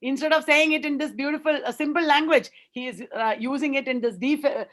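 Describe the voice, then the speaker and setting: A woman's voice: sits high, brisk, fairly bright tone. A woman giving an academic webinar lecture, explaining in an earnest way and repeating words for emphasis.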